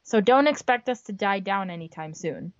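A woman's voice: medium pitch, lively intonation, moderate pace, no echo. A woman co-hosting a podcast in an upbeat, emphatic way, in a dull lo-fi recording. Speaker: podcast co-host. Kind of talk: casual chat.

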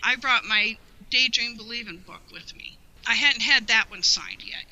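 Bright-voiced woman telling a heartfelt story. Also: a little high, moderate pace, low-quality recording. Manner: heartfelt, rambling with frequent "you know". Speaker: guest, longtime fan. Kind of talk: personal storytelling in an interview.

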